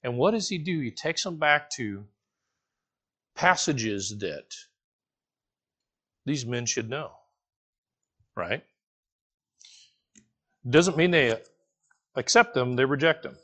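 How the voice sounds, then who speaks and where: Man preaching, casual and animated. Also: mid-range voice, slow pace, pauses often. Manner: casual, animated, asks the listeners questions, jokes, restarts often. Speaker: pastor teaching a Bible study. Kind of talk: conversational sermon.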